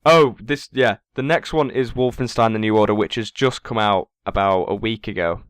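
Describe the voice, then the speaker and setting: A man chatting casually on a gaming podcast, going through a list of games with dry jokes, his voice getting hoarse. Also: on the low side, moderate pace, dry recording. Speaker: podcast co-host.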